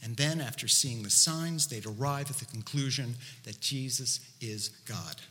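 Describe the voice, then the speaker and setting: A man preaching a sermon in an animated, conversational way, asking the listeners many rhetorical questions. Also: medium pitch, unhurried, in a large hall, a little hiss or hum. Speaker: pastor.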